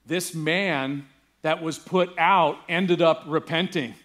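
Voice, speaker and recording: A man's voice: a little high, steady tone, slow pace, a bit bright. A male pastor preaching a sermon, telling a story casually and building to emphatic preaching. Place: church.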